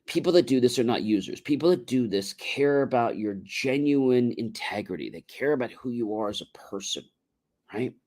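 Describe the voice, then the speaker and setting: A man's voice: mid-range voice, expressive, normal speed, a little mellow. A middle-aged man hosting a motivational livestream, talking casually and acting out both sides of imagined phone calls. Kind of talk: casual spoken advice monologue.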